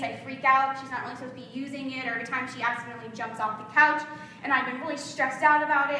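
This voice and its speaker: Woman pastor telling stories in a sermon, crisp bright voice, big echoey church. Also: high-pitched, distant mic. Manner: lively storytelling, acts out quotes. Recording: very echoey hall.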